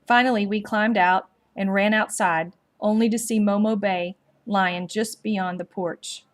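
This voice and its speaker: A woman reads a storybook aloud at a slow, measured pace. Her delivery is gently expressive, with her voice pitched in the ordinary middle range for a woman. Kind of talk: storybook read-aloud narration.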